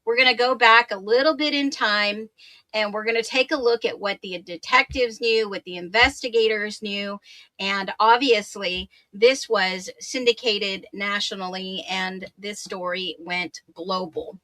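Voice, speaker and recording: A woman hosting a true crime livestream, chatty and upbeat, laughing often and greeting viewers by name, her voice a little hoarse. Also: medium pitch, steady tone, a little slow, pushed and bright, no echo. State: slightly hoarse voice. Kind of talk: casual livestream chat, reading viewer comments.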